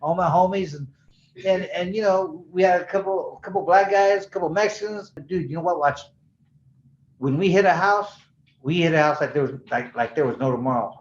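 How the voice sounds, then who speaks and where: A man's voice: high voice, brisk. A man in his sixties, a former boxing champion, telling stories in a casual interview and acting out the dialogue with slang. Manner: animated storyteller who acts out dialogue, with slang and swearing. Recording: roomy, slightly dull sound.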